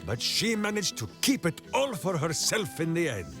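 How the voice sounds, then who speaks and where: A man's voice: a little high, wildly swooping pitch, normal speed. An actor playing a boisterous, grandiose male warrior-ranger in a video game, who speaks of himself in the third person. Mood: boastful. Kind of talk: video game character dialogue. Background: faint game music.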